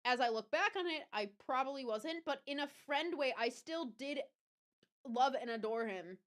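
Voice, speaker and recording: A young woman with a Southern US accent, streaming live and talking straight to her chat. Her voice sits a little high and swings widely in pitch. She tells her story in a chatty, animated way, stopping to correct herself and laughing between lines. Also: normal speed. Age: young adult. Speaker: livestream host.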